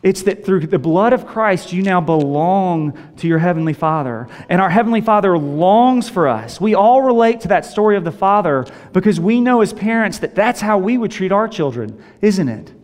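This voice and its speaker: A man's voice: sits high, lively intonation, normal speed, few pauses, a little mellow. A middle-aged man preaching a sermon as a pastor, earnest and repeating key phrases for emphasis. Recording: long reverb of a large hall.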